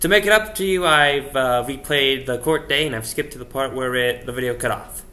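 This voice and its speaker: A man's voice: medium pitch, brisk, sharp tone. A man casually commenting on a game playthrough, self-mocking and offhand. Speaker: gaming YouTuber. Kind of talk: let's play commentary.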